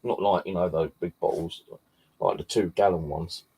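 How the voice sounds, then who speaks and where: A man's voice: low voice, steady tone, normal speed, creaky, mellow, husky, rough recording. A man chatting casually to camera, rambling and swearing often. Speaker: vlogger.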